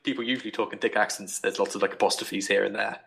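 Young man, bright voice, casual podcast book review, animated, rambling. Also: on the low side, fast, creaky, rough recording. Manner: rambling, animated, acts out quoted thoughts.

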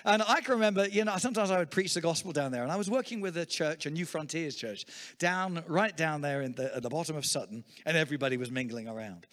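A man preaches with lively humor, his voice sitting a little on the high side. He is middle-aged and tells stories as part of his sermon. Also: long reverb tail. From England. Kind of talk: sermon with storytelling.

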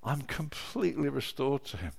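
A middle-aged man preaching a sermon, telling personal stories with emotion, dropping to a hush and then rising to loud exclamations. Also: mid-range voice, big pitch swings, normal speed, gravelly, breathy edge. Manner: emotional, swings from hushed storytelling to loud exclamation.

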